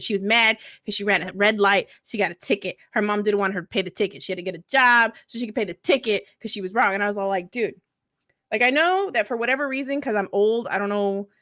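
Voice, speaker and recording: At a mental health event, a thirtysomething mother who served in the military laughs her way through blunt, profane personal stories. Her voice is on the high side with a sharp tone, captured in a dry, clean studio recording.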